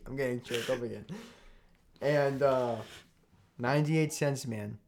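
A young man co-hosts a casual podcast, spinning an absurd story with a straight face and mock gravity. His voice sits at an ordinary middle pitch, and the talk is loose and joking. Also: unhurried, gravelly, long pauses. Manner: deadpan mock-serious storytelling. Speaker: podcast co-host.

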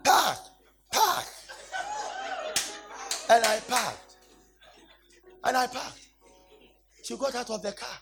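A man's voice: extremely high pitch, lively intonation, slow pace, creaky, long pauses, music in the background. A man preaching, telling a story in a dramatic, exclaiming manner. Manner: laughing, exclaiming, dramatic retelling. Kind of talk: animated sermon storytelling.

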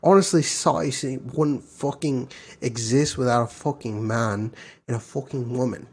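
A man's voice: mid-range voice, normal speed, darkish tone, husky. A man voicing a swaggering, foul-mouthed young London lad with a put-on British accent, ranting and confrontational. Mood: exasperated.

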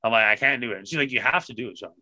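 Man, podcast co-host, very bright forceful voice, casual swearing storyteller, dry close sound. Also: medium pitch, rapid-fire, no room sound. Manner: swears constantly, animated retelling.

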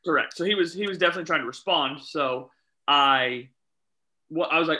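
Bright-voiced man telling referee stories. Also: a little high, fast talker, low-quality recording. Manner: animated storyteller, quotes himself and others. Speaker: youth soccer referee. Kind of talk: casual chat, storytelling.

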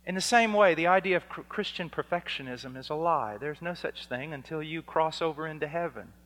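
A man preaching a sermon, slow and deliberate, swinging between loud emphasis and hushed, quiet lines. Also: fairly high pitch. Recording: hall reverb.

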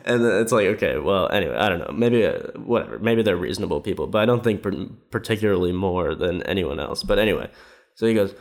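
A man with a lowish voice speaks briskly, ranting through casual commentary. He's sarcastic and rambling, packed with fillers, mocking what others said and mimicking their quoted words in a raised voice.

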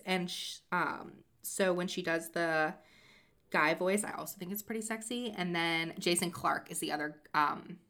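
Chatty young woman, bright voice. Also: medium pitch. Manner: chatty, animated storytelling with many fillers. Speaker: podcast co-host. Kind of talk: casual chat about books.

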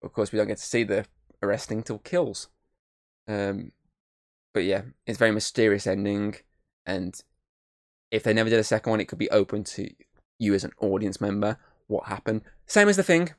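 Man, casual rambling film review, low voice, gravelly, swears freely. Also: flat delivery, moderate pace, pauses often, dry recording, clean studio sound.

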